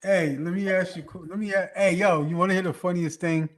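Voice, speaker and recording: A man's voice: sits high, brisk. A man hosting an open mic over a video call, joking and telling stories in casual chat. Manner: joking, animated storyteller.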